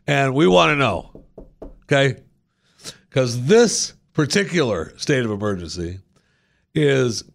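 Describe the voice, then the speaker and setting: A male talk-radio host rambles through the day's odd stories in a loose, joking way, circling back to the same lines. His voice has a gravelly, fried edge, and the sound is dry and close with no room around it. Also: medium pitch, a bit bright, no echo. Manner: chatty, joking, repeats himself. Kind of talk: casual talk radio monologue.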